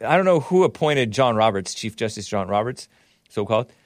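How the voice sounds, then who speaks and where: A man's voice: lowish voice, sing-song, a little fast, no echo, studio quality. A man hosting a show, giving sarcastic, mocking commentary on the news. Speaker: host.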